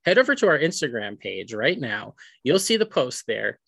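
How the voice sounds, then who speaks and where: Energetic male podcast host, dry sound. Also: mid-range voice, normal speed, vocal fry, slightly rough, no echo. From New York. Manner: energetic, laughing, chatty. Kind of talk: casual podcast chat.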